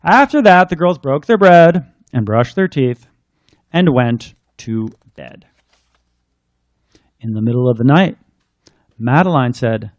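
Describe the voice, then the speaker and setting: A man's voice: mid-range voice, a little mellow, dry recording, clean studio sound. A man, a children's book author, chatting in rambling asides and then reading his picture book aloud.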